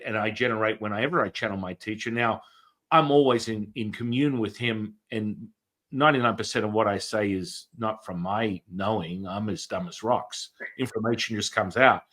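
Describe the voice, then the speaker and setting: Talking in a mid-range voice, this man spins an energetic tale as a guest on a podcast. His speech is loose and profane, frequently doubling back on words and beginning sentences over.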